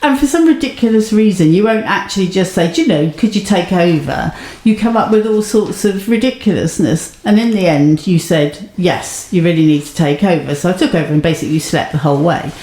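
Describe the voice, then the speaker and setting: A woman in casual podcast chat, telling a shared story with lively quoted asides and frequent laughter. Her voice sits in an echoey room with a faint hiss behind it. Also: fairly low pitch, fairly quick. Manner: chatty storyteller, acts out quotes, laughs often. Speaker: podcast co-host.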